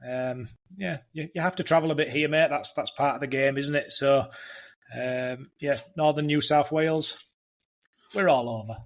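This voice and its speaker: A man from England, a business-owner guest in a podcast interview, telling stories in an easygoing way with halting restarts. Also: on the high side. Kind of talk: casual interview chat.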